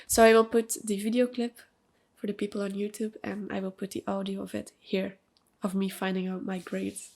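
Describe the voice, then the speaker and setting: A woman's voice: medium pitch, flat delivery, moderate pace, creaky, darkish tone. A young woman from Belgium with a Belgian accent and a nasal voice, chatting casually and emphatically on her own podcast with lots of fillers. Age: young adult. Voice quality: nasal from allergies. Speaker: podcast host. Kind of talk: personal casual monologue. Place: at home with cats.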